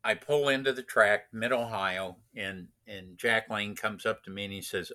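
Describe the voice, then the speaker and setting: A man's voice: fairly low pitch, fairly even intonation, moderate pace, hardly any pauses, bright, forceful tone. A man casually telling a racing story, rambling with many restarts and fillers. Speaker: racing driver instructor.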